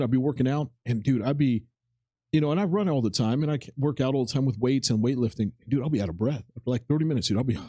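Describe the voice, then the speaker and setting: A man's voice: medium pitch, mellow, slightly rough, no echo. A man in his forties chatting casually on a podcast, telling a rambling personal story and acting out the lines of the people in it. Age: 40s. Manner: rambling anecdotal storytelling, acts out quotes, swears casually. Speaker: podcast co-host. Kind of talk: casual chat.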